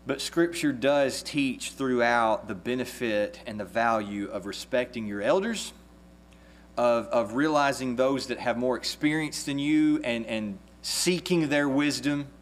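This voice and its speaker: A man preaching a sermon as pastor, earnest and measured, with a few restarts. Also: medium pitch, a little hiss or hum.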